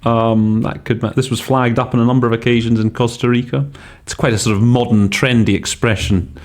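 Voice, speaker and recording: A man's voice: mid-range voice, steady tone, a little fast. A man hosting a podcast on interpreting, talking casually and thinking aloud as he weighs English word choices. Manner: thinks aloud, many fillers and restarts. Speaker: podcast host teaching interpreting. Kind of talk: casual explanatory commentary.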